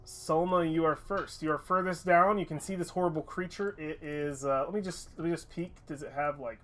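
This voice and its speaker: Bright-voiced man running a tabletop game. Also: fairly high pitch. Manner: descriptive, halting with fillers. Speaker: game master. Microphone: headset or desk mic on a stream.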